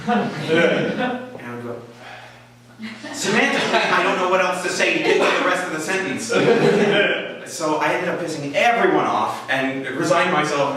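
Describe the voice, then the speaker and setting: A man telling a comic personal story at a live story slam, halting and full of fillers, with a wry, self-mocking manner. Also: fairly high pitch, animated, sharp tone. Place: small live venue with an audience. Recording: echoey room, mic far off, faint hiss.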